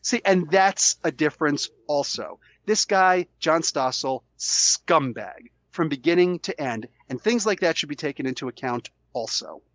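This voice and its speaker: A man hosting a podcast while sick with a cold, arguing his side in a casual, animated way and acting out quotes. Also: fairly high pitch, a little slow, few pauses, dry recording. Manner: animated, argumentative, acts out quotes. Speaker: podcast host. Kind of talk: casual debate chat.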